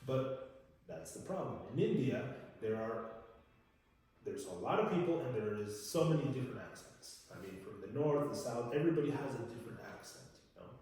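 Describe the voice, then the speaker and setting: A man's voice: mid-range voice, expressive, a little fast, warm tone. Male English teacher, casual chatty lesson, lots of "you know", echoey room with long reverb, mic a bit far off. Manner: chatty, tag questions, many fillers and restarts.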